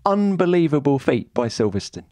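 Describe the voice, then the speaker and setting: Lively, teasing man, dry sound. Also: a little high, moderate pace, dry recording. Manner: playful, teasing, emphatic. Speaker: podcast host. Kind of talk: casual chat.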